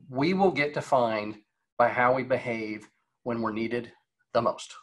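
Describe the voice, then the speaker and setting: A man's voice: medium pitch, fairly bright tone. A man in his forties giving a casual motivational talk over a video call, conversational and full of fillers and rhetorical questions. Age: 40s. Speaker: guest speaker on leadership.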